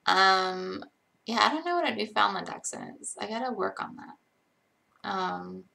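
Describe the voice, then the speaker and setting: A woman's voice: medium pitch, slow pace, vocal fry, bright, forceful tone. A tired young woman chatting casually on a live stream, rambling and self-deprecating as she reads chat aloud.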